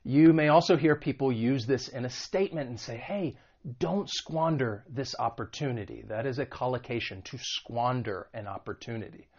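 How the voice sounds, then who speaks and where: A man from the United States teaching an online English vocabulary lesson, stressing example words slowly and carefully. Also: medium pitch, darkish tone, dull audio.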